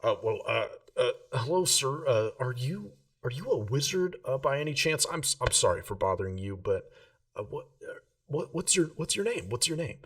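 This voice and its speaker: A man's voice: mid-range voice, sing-song, moderate pace, a bit bright, recorded from a distance, pitched above the performer's own voice. A man voicing a nervous, starstruck young man who stammers and apologizes. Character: nervous young male fan of wizards.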